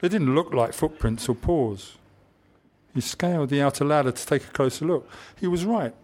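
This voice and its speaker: A man's voice: a little high, moderate pace, darkish tone. Man narrating a historical novel. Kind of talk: audiobook narration.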